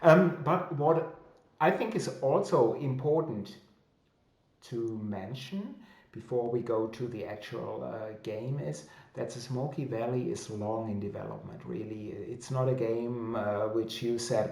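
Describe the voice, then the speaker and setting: A man's voice: medium pitch, unhurried, gravelly, darkish tone, roomy sound. A man with a German accent hosting a casual live-stream chat and reading out viewer comments. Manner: chatty, reads out viewer comments. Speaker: host.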